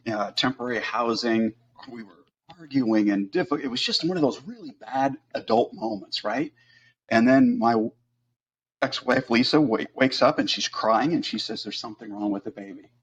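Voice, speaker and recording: A middle-aged man telling a personal story as a podcast guest, earnest and halting, with frequent fillers. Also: medium pitch, expressive, lo-fi sound, a little hiss or hum.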